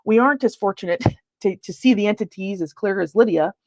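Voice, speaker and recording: A woman's voice: medium pitch, a little fast, a little mellow, no room sound. A woman paranormal investigator giving an informal virtual lecture, talking conversationally with many fillers and restarts. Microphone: computer mic on a video call.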